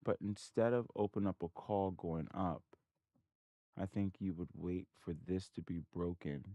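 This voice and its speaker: Low-voiced man muttering over trading charts. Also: a little slow, mellow, no room sound. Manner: muttering, frustrated at the computer, talking to himself; thinking aloud while reviewing charts. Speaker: trading channel host. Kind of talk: casual screen-share commentary.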